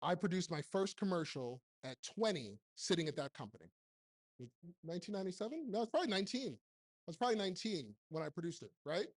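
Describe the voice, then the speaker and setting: A man's voice: sits high, sing-song, quick pace. A man in his forties giving a blunt, joking motivational talk on stage to a live audience, speaking into a handheld microphone and firing off rhetorical questions. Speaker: keynote speaker and TV producer.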